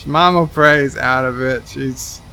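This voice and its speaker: A man's voice: medium pitch, fairly even intonation, takes it slowly, pushed and bright, a little hiss or hum. A man streaming a game, reading chat messages aloud and answering them with dry asides. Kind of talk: casual livestream commentary.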